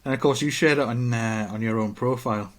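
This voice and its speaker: A man co-hosts a relaxed podcast, his voice sitting at an ordinary pitch. He chats and jokes easily, reading out viewer comments as he goes. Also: fairly quick. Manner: chatty, joking, reads out comments. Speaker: podcast co-host. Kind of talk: casual chat.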